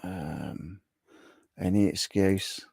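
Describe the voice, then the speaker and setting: A man's voice: sits low, very slow, vocal fry, a little mellow, breathy edge, no room sound, studio quality. Chatty man on a livestream. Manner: chatty, repeats himself, banters with viewers. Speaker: livestream host. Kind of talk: casual live-stream chat reading viewer comments.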